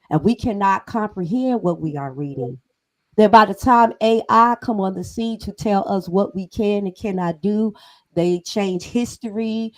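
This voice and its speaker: Middle-aged woman host, casual panel talk, emphatic and preachy, mid-pitched. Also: low-quality recording.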